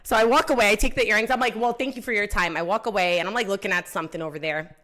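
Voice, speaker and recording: A woman's voice: mid-range voice, rapid-fire. A young adult woman co-hosting a podcast, telling a story in casual chat and acting out the quotes with a lot of drama. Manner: animated, dramatic retelling with acted quotes. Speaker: podcast co-host.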